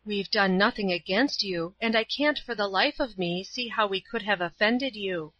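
A woman voicing a gentle, pious old woman who speaks calmly and tenderly in a storybook reading. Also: mid-range voice, normal speed, highs cut off, lightly acted.

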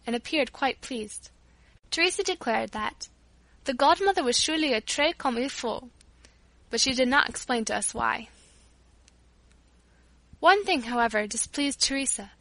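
Bright-voiced woman reading a storybook. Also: on the high side, no echo. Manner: clear, expressive reading. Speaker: narrator. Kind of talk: audiobook narration.

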